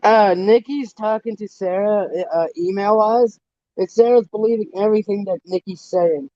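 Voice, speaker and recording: A man's voice: high-pitched, moderate pace, dark tone, no echo. Gossiping man guest on a livestream; dull, dry sound. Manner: gossipy, crude. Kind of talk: casual livestream chat.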